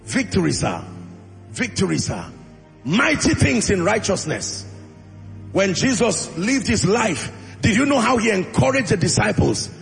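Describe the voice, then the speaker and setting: A man preaching a sermon as pastor, acting out short dialogues and rising into shouted prayer. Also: sits high, sing-song, a little slow, gravelly. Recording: music under voice in a large reverberant hall.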